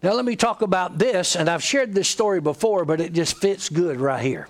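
Speaking at a normal speed in a high-sitting voice, a middle-aged Georgia pastor delivers a sermon. His Southern American accent carries folksy storytelling laced with humor.

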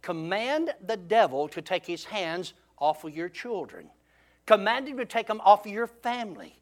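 A man preaching, telling a folksy story in a lively, drawling way. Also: high-pitched, moderate pace.

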